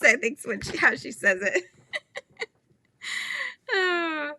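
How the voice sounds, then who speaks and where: A woman's voice: high-pitched, sing-song, extremely slow, pauses often, bright, forceful tone, no echo. A woman from the United States, a children's book author chatting casually on a live stream, rambling and laughing often.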